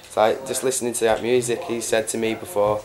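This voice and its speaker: A man's voice: fairly low pitch, little pitch movement, fast, a little mellow. Rambling Greater Manchester man. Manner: rambling, many fillers and restarts. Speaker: interviewee. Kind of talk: casual conversation.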